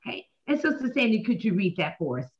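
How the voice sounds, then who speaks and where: A woman, hosting a Bible talk show as a minister, preaching in an animated way and asking and answering her own questions. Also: mid-range voice, quick pace. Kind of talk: animated Bible study teaching. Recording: dull lo-fi sound.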